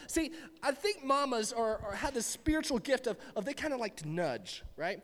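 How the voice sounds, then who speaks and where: A man's voice: very high-pitched, sing-song, moderate pace, fairly bright tone. A man preaching a casual youth sermon to a live audience in a church hall, chatty and joking with rambling asides. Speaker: youth pastor. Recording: long hall reverb.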